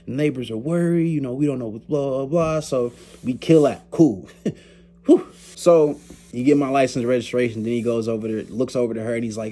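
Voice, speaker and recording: A man's voice: medium pitch, brisk. A young man vlogging, telling a story in a loose, slangy way, laughing often and acting out the other people's lines. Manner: animated, slangy, laughs often, acts out quoted voices. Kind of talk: casual storytelling.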